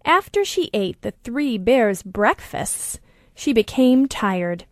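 A woman reading a children's story aloud, slowly and deliberately. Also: on the high side, very animated, no room sound, clean studio sound.

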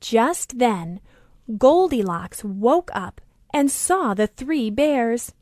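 A woman reading a children's story aloud, slowly and deliberately. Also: fairly high pitch, big pitch swings, darkish tone, no room sound, studio quality.

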